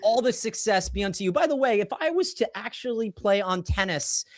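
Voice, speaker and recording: A man in his forties hosting a casual podcast chat, telling animated, rambling stories full of restarts. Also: high voice, fairly quick, no echo, clean studio sound. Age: 40s. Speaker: podcast host.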